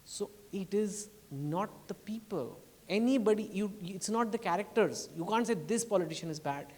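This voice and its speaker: A man's voice: sits high, moderate pace, a little mellow. Impassioned Indian man speaking in hall. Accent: Indian English. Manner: impassioned, pleading, rising to emphatic outbursts. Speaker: author speaking at a book launch. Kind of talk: public speech. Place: event hall.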